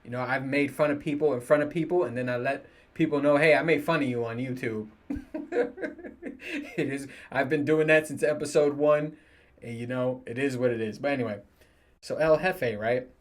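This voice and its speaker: A man's voice: mid-range voice, normal speed. A man in his thirties, a podcast host, rants casually to the camera, swearing and laughing as he goes. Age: 30s. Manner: profane, joking, laughs often. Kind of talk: casual solo rant to camera.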